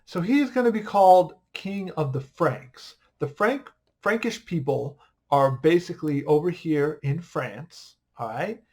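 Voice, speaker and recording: A man's voice: fairly high pitch, expressive, a little slow, a little mellow. Upbeat joking male history teacher. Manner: upbeat, joking, quizzes the students. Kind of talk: casual online class lecture.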